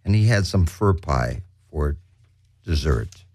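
A man hosting a comedy radio show, frantic and zany, swinging from shrill squeals to low mutters as he rants and spins a rhyming story. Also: animated, takes it slowly, darkish tone, no room sound. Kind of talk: manic comic monologue and rhyming story.

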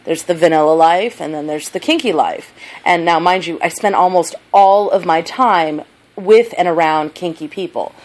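Lowish-voiced woman rambling casually. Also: rough recording. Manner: rambling, playful, halting restarts. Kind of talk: casual chat.

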